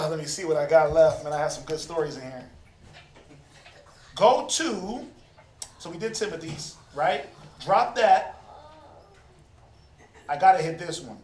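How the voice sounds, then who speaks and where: A man leads a scripture class in a high, animated voice, bouncing questions to his group and slipping into the voices of the people he quotes. The room is echoey and reverberant. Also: unhurried, long pauses, a little hiss or hum. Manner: animated, acts out quoted people, calls for responses. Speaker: Bible class teacher.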